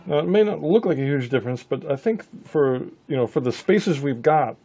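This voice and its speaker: Relaxed man teaching guitar. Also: fairly high pitch, fairly quick. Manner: relaxed, thinking aloud with restarts. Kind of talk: casual instructional talk.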